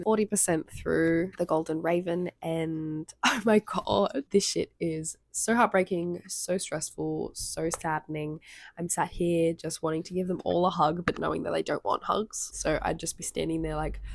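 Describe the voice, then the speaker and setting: A woman's voice: lowish voice, creaky, dry recording. A sniffly woman with a cold, chatting casually and rambling in a reading vlog from her bed. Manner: chatty, rambling, frequent "like" fillers. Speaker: book vlogger. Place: in bed at home.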